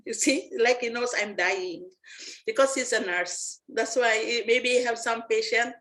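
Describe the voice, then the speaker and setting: A woman, giving a personal testimony as a network marketing presenter, earnest and halting with frequent restarts. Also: fairly high pitch, a bit bright, rough recording. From Philippines.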